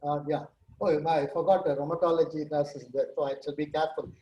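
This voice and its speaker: A man, a senior nurse leader on a talk show, explaining with lively case stories and acted-out quotes. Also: on the high side, quick pace, reverberant, rough recording. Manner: animated storyteller, acts out quoted dialogue. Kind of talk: conversational talk-show answers with examples.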